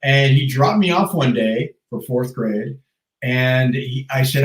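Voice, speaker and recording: A man in his fifties, a podcast guest, telling stories in an animated casual way and laughing often. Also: medium pitch, slow, far from the mic. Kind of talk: casual storytelling chat. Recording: roomy sound, off the mic.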